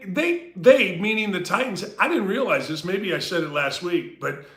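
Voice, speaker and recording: A man hosting a casual sports podcast, animated and jokey, sometimes speaking straight to the listeners. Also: high-pitched, moderate pace, roomy sound. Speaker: podcast host.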